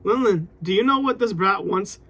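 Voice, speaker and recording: A man's voice: sits high, moderate pace, background noise, voice pushed down. A man voicing a huge brutish male pirate emperor from a comic, read aloud in a taunting way. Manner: taunting, mocking.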